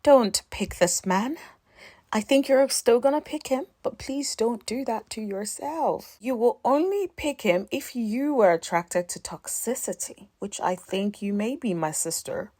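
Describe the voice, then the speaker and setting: A woman's voice: on the high side, animated, a little slow, mellow, no room sound, clean studio sound. A young adult woman recapping a reality show in casual commentary. She is sassy and chatty, with a slightly worn voice and dramatic reactions. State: voice a bit worn.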